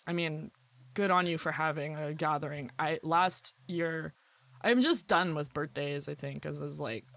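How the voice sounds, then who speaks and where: Slow-talking joking woman podcast co-host. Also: vocal fry, fairly bright tone, no room sound. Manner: jokey, sings mock song bits in a high voice. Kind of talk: casual chat.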